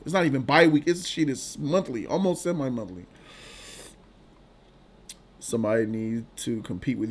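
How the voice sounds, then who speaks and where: A man hosting a live stream, chatting casually with viewers in loose slang and laughing often. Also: fairly high pitch. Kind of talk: casual live-stream chat reading donations.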